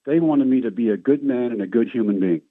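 A middle-aged man, a guest on a radio show, telling stories in a lively, self-mocking way and acting out the voices of the people in them. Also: mid-range voice, fast talker, dry recording. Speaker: guest, former baseball player. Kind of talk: storytelling interview. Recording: tinny phone line, dry.

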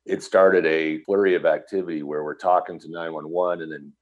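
Very deep-voiced man telling a story. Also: steady tone, fairly quick. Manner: earnest, vivid retelling full of quoted dialogue. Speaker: guest telling a personal story. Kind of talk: conversational storytelling. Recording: dull lo-fi recording.

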